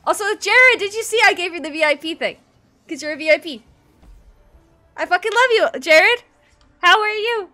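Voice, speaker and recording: A woman game streamer chatting live with viewers, excitable and gushing, swearing often and squealing and laughing between lines. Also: very high voice, moderate pace, pauses often, faint music behind. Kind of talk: casual live-stream chat.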